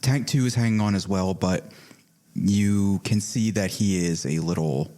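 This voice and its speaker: Male game master, low and slow, laid-back narration. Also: mellow.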